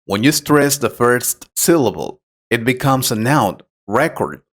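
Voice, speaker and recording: A man acting as an English teacher who explains pronunciation tips patiently and clearly in a scripted conversation lesson. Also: medium pitch, unhurried.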